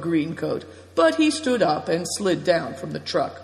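Male audiobook narrator, high-pitched voice, steady reading; long-echo room. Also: a little slow, gravelly. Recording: long reverb.

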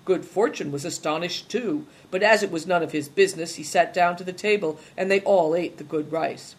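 An audiobook narrator reading at a steady, measured pace. The delivery is plain and even, moving the story along without fuss. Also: mid-range voice.

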